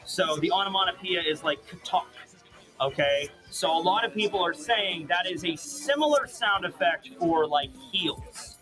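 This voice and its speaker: A man casually recapping a manga chapter, animated and full of fillers, acting out quotes as he goes. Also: sits high, normal speed. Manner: animated, acts out quotes, heavy "like" and "you know" fillers. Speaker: manga commentator. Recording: clear music behind voice.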